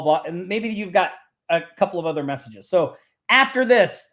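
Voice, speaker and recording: A man with a fairly high voice hosts a live online show. He talks in a loose, chatty way, reads example messages aloud and speaks straight to viewers by name. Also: expressive, normal speed. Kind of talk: casual screen-share teaching.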